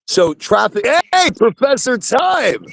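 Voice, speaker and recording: Man, host, casual live chat, rambling, repeats himself, phone in truck, gravelly, dry sound. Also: very high voice, sing-song, slow pace, a bit bright, dry recording. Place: in his truck.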